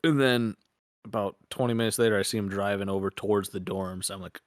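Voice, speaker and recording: A man's voice: lowish voice, steady tone, a little fast, no room sound, clean studio sound. A young man co-hosting a podcast, telling rambling, profane stories in casual chat. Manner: crude, rambling storyteller, swears often. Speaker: podcast co-host.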